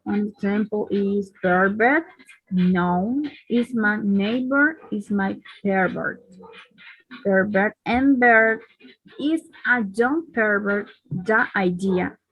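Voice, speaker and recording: A woman's voice: mid-range voice, slow, husky, dry recording, highs cut off. A woman whose first language is Spanish, reading a class presentation with hesitations and fillers. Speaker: student presenter.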